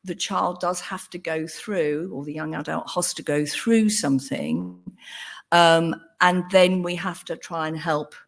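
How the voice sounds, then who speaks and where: An older woman talks through her clinical work in an earnest, thoughtful way. Her voice sits a little low for a woman. She pauses with ums and restarts her sentences as she thinks. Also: fairly even intonation, vocal fry. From England. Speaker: psychotherapist. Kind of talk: talk on a panel.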